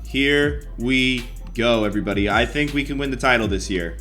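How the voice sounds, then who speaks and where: A young man commentating over a basketball video game as a gaming YouTuber, excitable and quick to get frustrated. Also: mid-range voice, soft background music. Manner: excitable, swings between hype and frustration.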